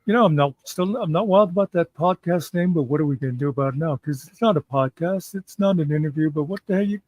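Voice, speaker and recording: A man's voice: on the high side, quick pace, darkish tone, no echo. A man co-hosting a casual chat, teasing with dry humor. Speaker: co-host. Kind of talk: casual banter.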